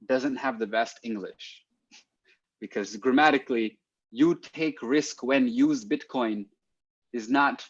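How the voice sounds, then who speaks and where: A man in casual conversation as a podcast guest, thinking aloud and restarting his sentences with repeated words. His voice sits at a middle pitch, and the sound is dry and muffled, with a lo-fi quality. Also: no echo. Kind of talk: casual chat.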